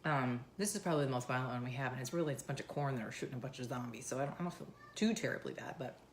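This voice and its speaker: Low-voiced chatty woman vlogger. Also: very fast, a little hiss or hum. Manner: rambling, chatty. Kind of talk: casual chat. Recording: roomy echo.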